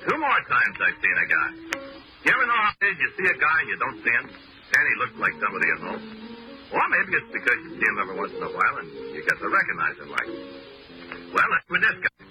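A man's voice: lowish voice, huge pitch swings, fast, over music, rough recording. An actor playing a streetwise newspaper photographer who tells his own story in tough street slang, in 1940s radio drama style. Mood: wry.

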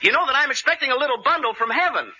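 A man's voice: very high voice, rapid-fire, exaggerated voice. An actor playing an eager, bumbling young man who stammers through his jokes in a radio comedy. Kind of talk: 1940s radio comedy acting. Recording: muffled old radio recording with loud hiss.

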